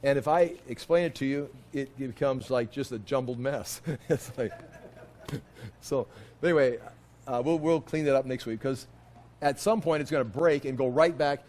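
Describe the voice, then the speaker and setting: A man's voice: mid-range voice, normal speed, darkish tone, slight background noise. A man teaching a casual Bible class, talking in a loose, conversational way that wanders off and restarts as he retells the story with animation.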